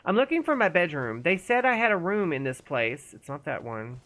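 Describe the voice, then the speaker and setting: A woman's voice: lowish voice, very animated, a little fast, fairly bright tone. A woman streaming a game and chatting casually, rambling playfully and talking to the characters. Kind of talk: casual live-stream commentary.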